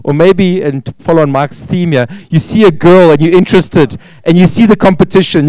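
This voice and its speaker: Emphatic pastor, dry close sound. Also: male voice, on the high side, a little fast, hardly any pauses, dark tone, no echo, low-quality recording. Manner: emphatic preacher with repeated words and rhetorical questions. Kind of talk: sermon.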